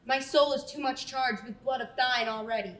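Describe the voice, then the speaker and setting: A bombastic Macbeth played by a woman blusters with bright, shouty bravado. She sounds far off in an echoey room with faint noise. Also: fairly high pitch, moderate pace, lightly acted. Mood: defiant. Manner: shouty mock-Shakespearean bravado. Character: bombastic stuffed-animal Macbeth. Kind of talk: stage comedy acting.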